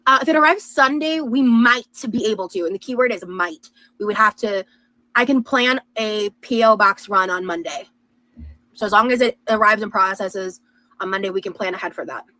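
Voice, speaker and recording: A woman's voice: medium pitch, moderate pace, pushed and bright, no echo, low-quality recording. A woman vlogger chatting casually and reading out viewer messages in an upbeat way. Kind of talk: casual vlog chat.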